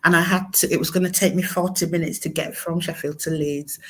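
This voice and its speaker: Middle-aged woman guest, very low voice, halting emotional storytelling. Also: fairly even intonation. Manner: halting, many fillers and restarts. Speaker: guest, mother of a son with mental illness. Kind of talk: emotional personal story in conversation.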